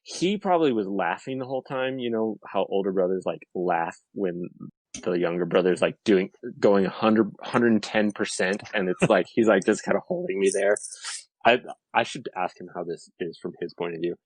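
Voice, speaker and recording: Man, lowish voice, dry close sound, rambling anecdote, casual podcast. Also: normal speed, dry recording, poor audio. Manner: rambling, animated storytelling with many fillers. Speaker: podcast guest. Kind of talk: casual storytelling chat.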